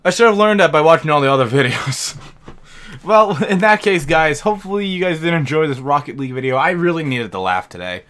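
A man's voice: fairly high pitch, lively intonation, a little fast, a bit bright. A man hosting a reaction video, chatting casually and laughing between his remarks. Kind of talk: casual commentary.

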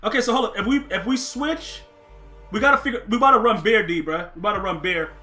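High-pitched excitable male game streamer. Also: brisk, faint music behind. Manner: excitable, laughing, yelling at the game. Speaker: gaming streamer. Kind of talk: live game commentary.

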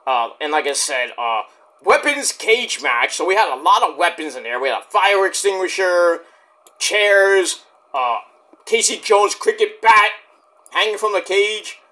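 A high, bright-voiced man recaps wrestling matches in a loose, rambling way. He swears freely, throws in jokes, and his pitch jumps all over the place. It comes across as relaxed, off-the-cuff chat. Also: measured pace. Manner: rambling, swearing, jokey asides. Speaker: wrestling show reviewer. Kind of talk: casual spoken review.

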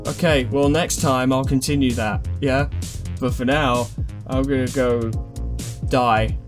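Man narrating his own gameplay, exasperated and foul-mouthed, mid-pitched voice over loud game music. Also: steady tone, a little slow. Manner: frustrated, swears a lot, talks to himself. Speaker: gaming YouTuber. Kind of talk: let's-play commentary.

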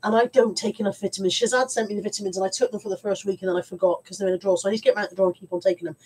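A woman's voice: mid-range voice, steady tone, very fast, a little mellow, slightly rough, rough recording. A woman with a stuffy head cold, chatting in a rambling, self-mocking way on a live stream from home. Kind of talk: casual live-stream chat.

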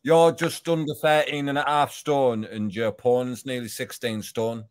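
A man's voice: mid-range voice, little pitch movement, moderate pace, no echo, studio quality. A man from England, bantering in a casual chat and swearing freely.

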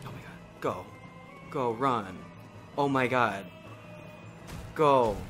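A man doing gameplay commentary, getting excited, cursing and muttering to himself as he plays. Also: medium pitch, slow, music in the background. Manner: excitable, swears a lot, mutters to himself, yells at the game. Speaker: let's play gamer.

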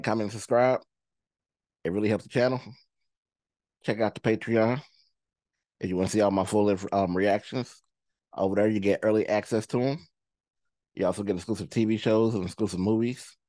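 Animated man hosting a movie reaction. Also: fairly low pitch, fairly quick, pauses often, dry recording. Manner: animated, loud, swears and laughs a lot. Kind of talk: casual reaction commentary.

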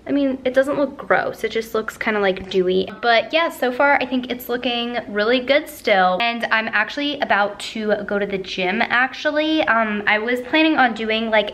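A woman's voice: mid-range voice, fairly bright tone. A woman beauty vlogger doing casual check-ins at home, chatty and upbeat, with lots of "like" fillers. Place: at home by large glass doors.

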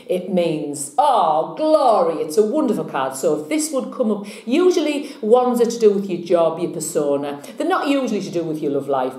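Woman tarot vlogger, rambling and self-mocking, lowish voice with lively swings. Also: roomy sound. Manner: chatty, rambling, laughing at herself. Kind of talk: casual vlog chat.

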